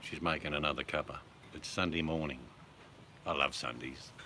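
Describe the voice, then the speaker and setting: Deep-voiced Australian man chatting casually. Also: moderate pace, slight background noise. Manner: relaxed, chatty, swears casually. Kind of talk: casual chat with viewers.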